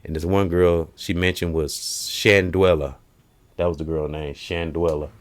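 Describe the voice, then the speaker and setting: Deep-voiced man retelling comedy bits. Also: level tone, measured pace. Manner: retells comedy bits, jumping into high put-on voices for quotes. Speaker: host. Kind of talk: casual chat.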